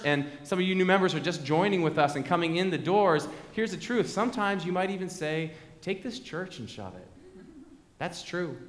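A man's voice: fairly high pitch, a bit bright. A man preaching a sermon as pastor, conversational and fond of repeated refrains, in a large church sanctuary. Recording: echoey hall with long reverb.

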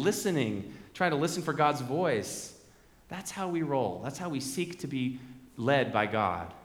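In a big church sanctuary with long, echoing reverb, a man preaches as pastor in a slightly high, fairly bright voice. He keeps things conversational and returns often to repeated refrains.

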